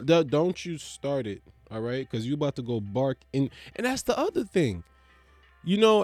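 A man's voice: medium pitch, a little mellow, no room sound. Guy ranting and joking to camera, swears a lot, dry sound with faint music behind. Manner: rambling, profane, joking. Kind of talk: casual comedic monologue.

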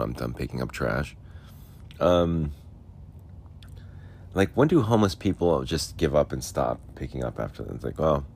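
A man's voice: rumbling low, a little mellow. A man rambling sarcastically about a police ticket, tipsy and mumbling at times, recorded outdoors. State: tipsy, drinking beer. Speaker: podcaster telling a personal story. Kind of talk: rambling casual monologue. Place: outdoors, homeless.

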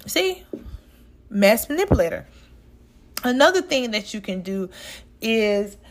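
A woman's voice: fairly high pitch, a bit bright. A woman from the States, hosting a casual podcast monologue and talking straight to her listeners. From Southern United States. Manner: chatty and direct, talks straight to listeners as "y'all". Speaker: podcast host.

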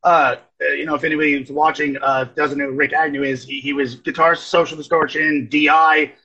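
A man with a high, husky voice talks loosely in casual chat. He strings stories together and acts out animated quotes. The recording sounds dull and lo-fi. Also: fairly quick. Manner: rambling storyteller, animated quotes. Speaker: guest.

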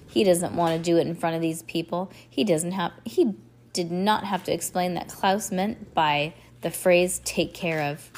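A woman's voice: fairly low pitch, moderate pace, a little mellow, a little hiss or hum. A woman reading a novel aloud, in a plain manner with frequent stumbles and restarts. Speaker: reader.

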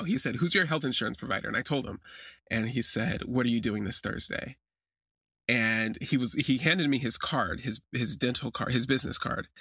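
Hombre de voz grave y rasposa. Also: male voice, no echo, clean studio sound. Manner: animated, jumps high when acting out his own reactions. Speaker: podcast host. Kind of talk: confessional storytelling. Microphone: phone.

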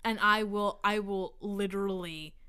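A woman's voice: medium pitch, steady tone, measured pace, sharp tone, clear, resonant tone. A young woman co-hosting a casual podcast, telling rambling self-deprecating stories with giggles. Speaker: podcast co-host. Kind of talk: casual chat.

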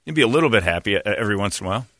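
Host, man, low voice, forceful and bright, crude rambling humor. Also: lively intonation, rapid-fire, no echo, studio quality. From San Diego. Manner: crude, rambling storytelling with laughs. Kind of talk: casual comedic banter.

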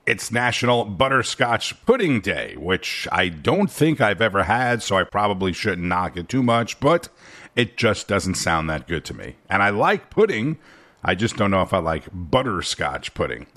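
A man's voice: on the low side, big pitch swings, a little slow, fairly bright tone. A man hosting a daily news brief, reading headlines with wry asides. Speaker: news host.

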